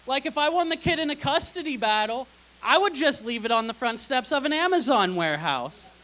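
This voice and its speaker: A woman's voice: high-pitched, expressive, a little fast, fairly bright tone, poor audio. A young woman doing a stand-up comedy set on a theater stage, delivering sarcastic, dry punchlines into a stage mic. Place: theater stage before a live audience.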